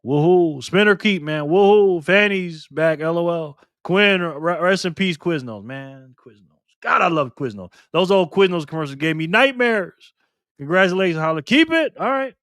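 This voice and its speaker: A playful, upbeat man runs a casual live stream, calling out viewers by name and reading their comments aloud. His voice sits a bit high for a man, and it sounds close and dry with almost no room echo. He peppers his talk with slang and spelled-out internet abbreviations. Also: normal speed. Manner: lively, playful, laughs often, calls out viewer names.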